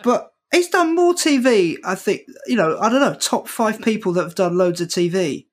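A man tells a comic story as a podcast guest, switching into voices for the people he quotes. He talks in an animated way and swears freely, enjoying the tale as it unfolds. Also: high-pitched, moderate pace. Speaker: comedian guest.

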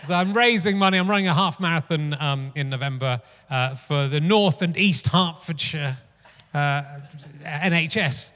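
Hall reverb colors this live theatre recording of a man in his fifties hosting a comedy podcast before an audience. Speaking at a moderate pace in a high-leaning, fairly bright voice, he rambles through anecdotes in a swearing, chatty stand-up monologue.

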